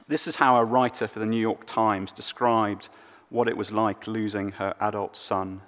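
A male preacher giving a sermon, telling the story expressively and dropping soft on the sad moments. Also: fairly low pitch, steady tone, moderate pace. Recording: long hall reverb.

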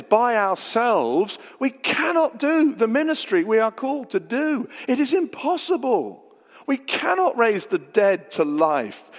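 A man preaching a sermon, swinging between loud emphatic lines and hushed, slow ones. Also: on the high side. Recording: long hall reverb.

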